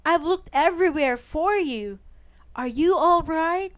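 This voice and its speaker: A woman's voice: extremely high pitch, a little slow, voice pushed up. A woman voicing a worried father in a storybook, speaking with a raised, emotional voice. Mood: relieved.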